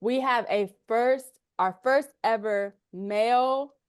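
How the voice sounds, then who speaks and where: A playful, teasing woman hosts a casual podcast chat with a smooth, resonant voice. The sound is dry and close, with no room echo. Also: a little high, slow pace. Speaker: podcast host. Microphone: remote call.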